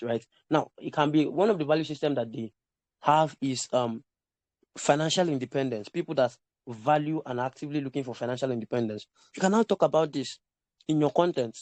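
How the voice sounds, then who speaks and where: A man's voice: medium pitch, darkish tone, no room sound. A man teaching a sales bootcamp, asking the class questions and answering them himself. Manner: asks rhetorical questions and fills in the answers. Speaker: instructor.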